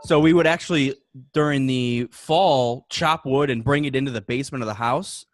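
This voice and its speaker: A man's voice: medium pitch, normal speed, dry recording, clean studio sound. A man hosting a podcast, telling a rambling story in a casual group chat and swearing freely. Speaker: podcast host.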